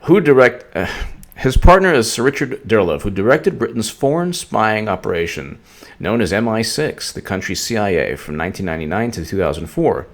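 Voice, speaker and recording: A man's voice: on the low side, sing-song, brisk. A man hosting a political commentary vlog, rambling and sarcastic, often stumbling and restarting his sentences.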